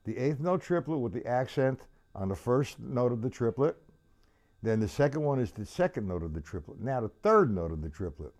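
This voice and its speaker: A man's voice: mid-range voice, big pitch swings, a little fast, slight background noise. A man teaching a live-streamed drum lesson, chatty and loose, counting beats aloud while he plays. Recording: loud drum kit playing behind voice. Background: drum kit playing.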